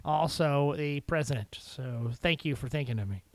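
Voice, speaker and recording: A man's voice: medium pitch, moderate pace, dry recording. A man co-hosting a comedy podcast, teasing and playful, often laughing at the stories. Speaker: podcast co-host, radio morning show host. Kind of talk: casual comedic podcast banter.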